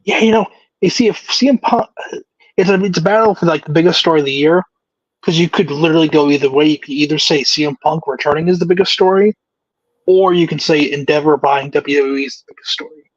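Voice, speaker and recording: A man's voice: fairly high pitch, quick pace, no echo. Matter-of-fact male co-host, dull dry audio. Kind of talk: casual wrestling chat.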